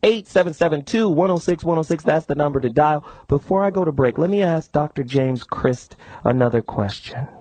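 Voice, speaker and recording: A middle-aged man hosting a call-in radio talk show, emphatic and lively as he takes callers and repeats the number. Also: on the high side, brisk, few pauses, no room sound.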